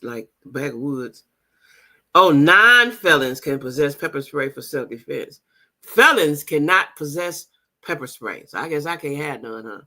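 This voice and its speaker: Gravelly, animated woman streamer. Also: low voice. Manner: chatty, reads viewer comments aloud, talks to her audience. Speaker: livestream host. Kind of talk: casual livestream chat.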